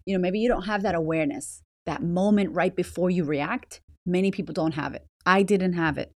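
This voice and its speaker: A woman's voice: lowish voice, a little fast, hardly any pauses, dry recording, studio quality. A woman hosting a motivational podcast, blunt, swearing freely and firing rhetorical questions at the listener. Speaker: podcast host.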